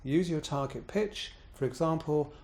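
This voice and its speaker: A man coaching voice exercises, calmly explaining each step and demonstrating pitch bounces on words. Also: moderate pace, creaky. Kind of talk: instructional voice exercise demo.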